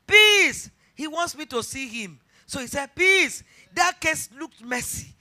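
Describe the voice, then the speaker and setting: A woman's voice: high-pitched, lively intonation, normal speed, pushed and bright. A middle-aged Nigerian woman pastor preaching a sermon, telling a personal story and rising to fervent emphasis.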